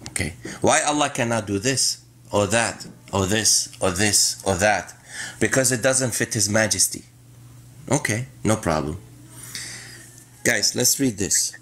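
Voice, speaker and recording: Host: man, low voice, animated, jokes and repeats himself. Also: measured pace. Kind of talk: casual group chat.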